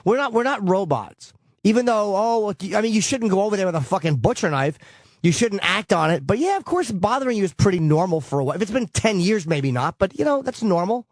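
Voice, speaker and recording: A man's voice: high-pitched, big pitch swings, quick pace, dry recording, clean studio sound. A tired, cranky man hosting a call-in show, talking bluntly and cursing a lot as he rants, with a New York accent. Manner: blunt, profane, ranting. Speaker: host.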